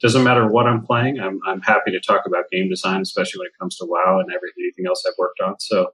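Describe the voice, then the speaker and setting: Modest, husky-voiced man on a call. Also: low voice, flat delivery, fast, a bit bright, low-quality recording. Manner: modest, hesitant, many ums. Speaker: guest game designer. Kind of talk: casual interview chat. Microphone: call recording.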